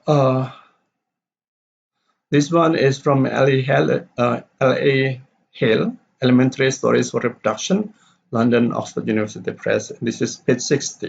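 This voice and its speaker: A man teaching English stress and intonation, explaining slowly with frequent pauses and fillers, on a dull lo-fi recording. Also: medium pitch, vocal fry, slightly rough. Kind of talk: explaining stress in story reading.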